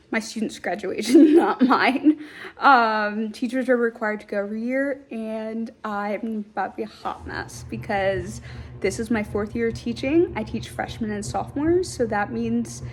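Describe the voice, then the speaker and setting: A woman's voice: on the high side, slight background noise. A woman in her twenties, a teacher, chatting casually in a book vlog and reading a synopsis aloud. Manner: reads the synopsis aloud, then chats in an upbeat way. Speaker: high school teacher and book vlogger.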